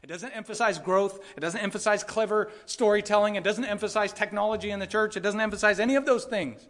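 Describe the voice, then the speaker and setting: A male pastor preaching a sermon with passion, swinging between loud pleading and quiet reflection. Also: sits high, quick pace.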